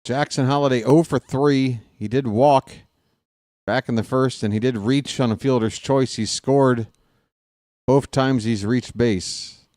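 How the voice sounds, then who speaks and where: A man's voice: mid-range voice, steady tone, measured pace, a little mellow, no echo, clean studio sound. A man doing live fan play-by-play of a baseball game, chatty and joking, openly rooting for his team.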